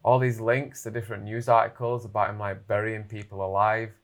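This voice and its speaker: Man, twenties, low-pitched voice, animated casual storytelling, lots of "like". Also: a little fast. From England. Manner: animated, filler-heavy anecdote telling.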